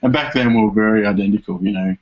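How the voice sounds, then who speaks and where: A man's voice: fairly low pitch, steady tone, quick pace. A man with dry humour, telling a story as a guest on a casual podcast. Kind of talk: casual interview chat. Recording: dull lo-fi podcast audio.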